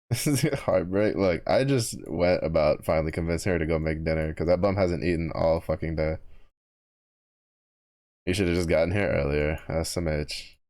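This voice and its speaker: A man's voice: low-pitched, normal speed, a little mellow. A man streaming a game live, chatting casually with his viewers, swearing and teasing them. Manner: profane, teasing banter with chat. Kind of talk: casual live-stream chat while gaming.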